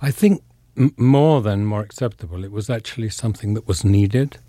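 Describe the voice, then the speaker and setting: An older English man with a very deep, husky, dark voice, reflecting thoughtfully in an interview. He pauses often and fills gaps with ums. The studio sound is close and dry. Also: no echo. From England. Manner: thoughtful, pausing, many fillers. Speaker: actor, interview guest.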